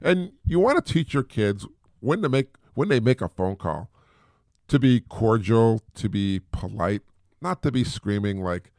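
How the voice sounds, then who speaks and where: A middle-aged man talks through everyday advice in a low, gravelly voice, chatty and prone to repeating himself. The sound is dry and close, with no room around it. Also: very animated, moderate pace, darkish tone, dry recording. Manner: chatty, repeats words, mimics voices for effect. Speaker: podcast host. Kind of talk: casual advice talk.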